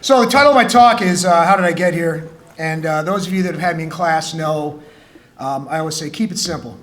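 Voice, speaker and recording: A man, a high school teacher, telling a humorous personal story to students in a school gym, acting out the dialogue. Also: a little fast. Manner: joking, animated storyteller who acts out dialogue.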